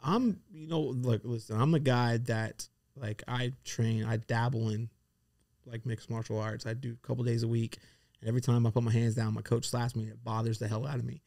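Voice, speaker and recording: A man co-hosting a podcast in relaxed, teasing conversation. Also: medium pitch, a little fast, vocal fry, no room sound, clean studio sound. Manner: conversational, teasing, laughs often. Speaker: podcast co-host. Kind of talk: casual chat.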